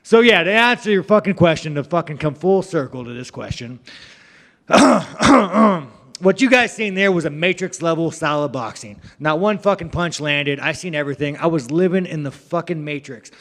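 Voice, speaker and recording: Male fighter at a press scrum: brash, cursing, rambling jokester, fairly high voice, long room echo. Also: animated, moderate pace, fairly bright tone. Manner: brash, profane, rambling, joking. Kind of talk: media scrum answers.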